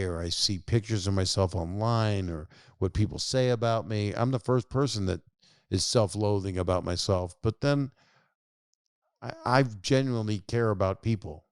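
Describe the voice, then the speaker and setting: Rambling older man, smooth low voice. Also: a little mellow, no room sound, studio quality. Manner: rambling, self-interrupting, jokey. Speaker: podcast host calling listeners. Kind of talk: casual phone chat and rambling monologue.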